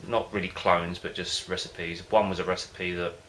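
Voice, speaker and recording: Deep, flat-voiced rambling home-brew vlogger. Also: male voice, normal speed, slight background noise. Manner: rambling, hesitant, loses his thread. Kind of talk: casual rambling chat to camera.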